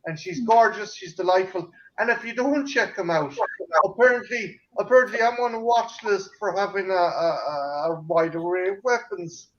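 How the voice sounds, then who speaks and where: Boisterous Irish man with a high voice. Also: normal speed, fairly bright tone, lo-fi sound, slight background noise. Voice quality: profane and boisterous. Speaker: channel host. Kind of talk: casual chat.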